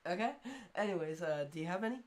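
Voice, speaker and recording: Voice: mid-range voice, fast. A player in a casual tabletop game who speaks plainly and playfully.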